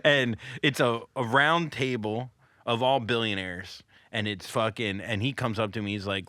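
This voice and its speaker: A man comedian telling a long, animated story on a casual podcast, swearing freely, laughing often and acting out the voices of people in it. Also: medium pitch, normal speed, no echo.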